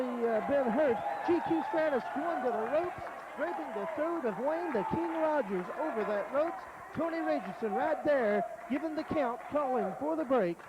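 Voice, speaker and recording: A man calling a wrestling match play by play in a folksy, excited way. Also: very high voice, lo-fi sound, heavy background noise. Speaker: wrestling commentator. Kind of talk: play-by-play commentary.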